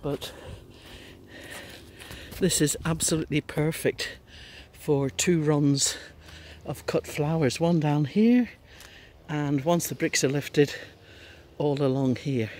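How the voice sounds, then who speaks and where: A man in his seventies talks in a casual, wry, self-deprecating way while working in his garden, a little out of breath. His voice sits a touch high. Faint noise from nearby tree work hangs in the outdoor air behind him. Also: takes it slowly, darkish tone. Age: 70s. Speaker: gardening vlogger. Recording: faint outdoor noise, neighbours cutting trees. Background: faint sounds of tree work nearby.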